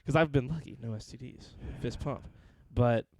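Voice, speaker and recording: A man's voice: mid-range voice, moderate pace, a little mellow. A man co-hosting a podcast, telling stories in a crude, profane, rambling way. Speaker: podcast co-host. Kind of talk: casual podcast chat.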